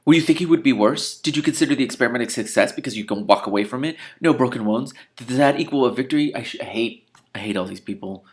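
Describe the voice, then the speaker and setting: A man's voice: mid-range voice, fast talker. A man reading a novel aloud and breaking off into exasperated, sarcastic commentary. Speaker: reader and commentator.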